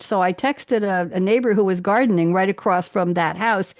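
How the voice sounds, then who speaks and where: A woman hosting a radio talk show, chatting with guests in a lively, storytelling way. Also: medium pitch, a little fast, dry recording, clean studio sound. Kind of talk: casual radio chat. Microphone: studio microphone.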